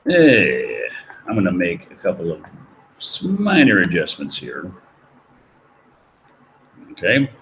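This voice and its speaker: Male lecturer, low-pitched, jokey and folksy, faint hiss behind. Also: huge pitch swings, slow, long pauses, a bit bright, rough recording. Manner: folksy, jokey teacher who asks the class questions. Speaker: economics professor. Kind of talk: recorded lecture.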